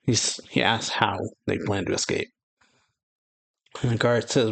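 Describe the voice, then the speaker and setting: A man's voice: on the low side, fairly even intonation, measured pace, gravelly, pauses often, a bit bright, no room sound. A man hosting a manga reaction channel, reading a chapter aloud in a loose, rambling way full of fillers, with casual commentary. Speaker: YouTube manga reaction host.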